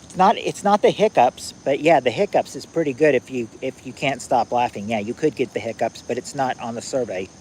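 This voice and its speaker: A man hosting a casual trivia game on a livestream, reading viewers' answers aloud in a halting, repetitive way, outdoors at night on a phone. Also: medium pitch, a little mellow, slight background noise, poor audio. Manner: halting and repetitive, restarting phrases, drawling out answers.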